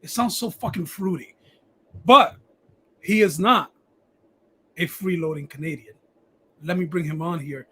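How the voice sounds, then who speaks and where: Male podcast host, high husky voice, profane and rambling, stammers a lot. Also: animated, moderate pace, long pauses, pushed and bright. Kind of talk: casual live-stream chat.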